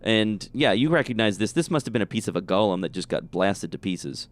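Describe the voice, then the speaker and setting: Low, smooth-voiced male game master. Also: brisk. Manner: relaxed, easygoing table talk with fillers. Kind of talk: narrating a tabletop game.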